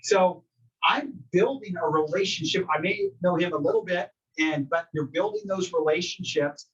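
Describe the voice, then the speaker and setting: Man, real estate trainer, energetic conversational coaching, slightly high voice, muffled lo-fi sound. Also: normal speed. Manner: energetic, conversational coaching that asks the group questions. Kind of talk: workshop teaching to a live group. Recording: distant, dull room recording.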